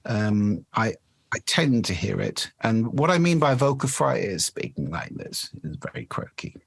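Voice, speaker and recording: A man's voice: lowish voice, big pitch swings, normal speed, vocal fry, breathy edge, dry recording. A man, a voice expert explaining speaking habits in a podcast interview. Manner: articulate, explanatory, demonstrates voice effects.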